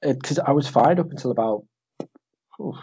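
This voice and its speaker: A man's voice: mid-range voice, normal speed, warm tone, slightly rough, lo-fi sound. Rambling jokey podcast co-host, man. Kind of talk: casual podcast banter.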